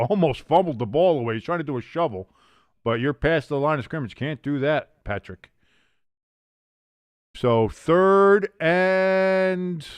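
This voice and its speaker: A young man calling the action for a live watch-along stream, his voice sitting a touch higher than most men's. The sound is close and dry with no room around it. He slips into loose asides with his viewers, then shoots up with excitement on the big plays. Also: no echo. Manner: chatty asides, reading out viewer comments. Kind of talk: casual play-by-play commentary.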